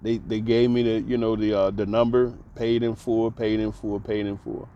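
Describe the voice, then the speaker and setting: A man telling a personal story in a casual monologue, laughing often and dropping to soft low tones, repeating words for emphasis. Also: flat delivery, moderate pace, highs cut off. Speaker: host.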